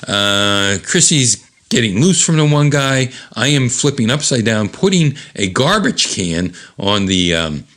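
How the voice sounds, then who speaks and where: Animated man reading a comic aloud. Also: measured pace, hardly any pauses. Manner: animated, jumps into high character voices; chuckles at the jokes. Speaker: host.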